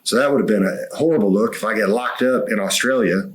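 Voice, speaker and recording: A man's voice: lowish voice, quick pace. A man co-hosting a podcast, telling a long story in casual chat and swearing freely. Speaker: co-host.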